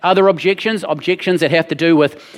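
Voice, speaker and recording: High-voiced man preaching in a reverberant hall. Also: steady tone, fast talker. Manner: earnest, emphatic, repeats key phrases. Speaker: pastor. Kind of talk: sermon.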